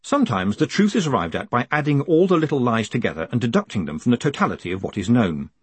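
A man narrating an audiobook in a wry, measured storytelling manner. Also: medium pitch, sing-song, breathy edge, no echo. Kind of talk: scripted narration.

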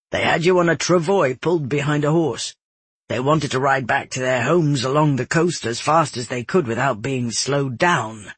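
A man voicing a calm, wise old male roadmaster in an audiobook, speaking slowly and softly. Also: medium pitch, slightly rough, no room sound. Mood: matter-of-fact. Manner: slow, soft-spoken. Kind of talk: audiobook narration.

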